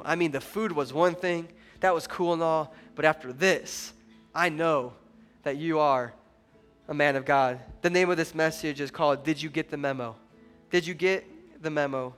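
A man preaching a sermon to his congregation, joking and animated, often rising to loud emphasis. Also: on the high side, moderate pace, soft background music. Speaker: pastor.

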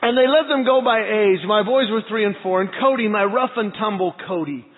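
A middle-aged man, a pastor, preaching a sermon and telling personal stories in a lively, earnest way. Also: high-pitched, fairly quick, slight background noise. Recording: tinny phone-like sound with long hall reverb.

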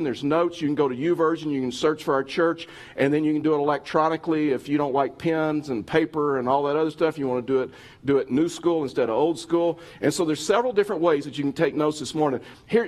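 A middle-aged man preaching a sermon as a pastor at a church service. He speaks earnestly and directly to his listeners, often restarting his phrases. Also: on the high side.

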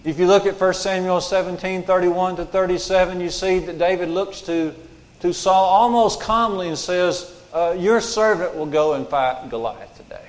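A man's voice: high voice, moderate pace. A man preaching a sermon as pastor, emphatic and repeating his key lines for weight. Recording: long hall reverb.

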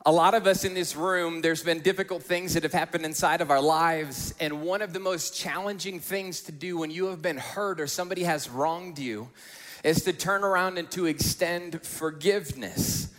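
A high-voiced male pastor preaches to a congregation in a large church auditorium, telling stories in a chatty, animated way. His voice rings out with a long echo through the hall. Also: moderate pace. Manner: conversational storytelling, animated. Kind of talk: sermon. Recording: echoey hall.

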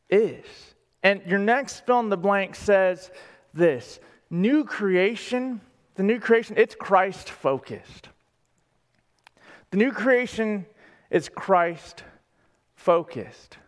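A pastor delivers a sermon in a high, unhurried voice, leaning on key words and putting questions to the congregation. The recording carries the long reverb of a large church hall. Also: male voice. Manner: deliberate, emphatic, asks the congregation questions.

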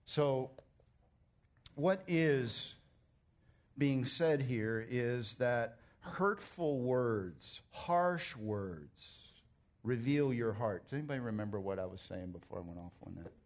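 A man's voice: mid-range voice, slow pace. A man preaching a sermon as pastor, emphatic and conversational, telling stories and joking with his congregation. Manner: animated storytelling, emphatic.

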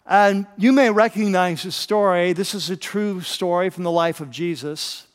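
Animated high-voiced male preacher. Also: normal speed, in a large hall. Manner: animated, repeats words when excited. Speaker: pastor. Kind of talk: sermon storytelling.

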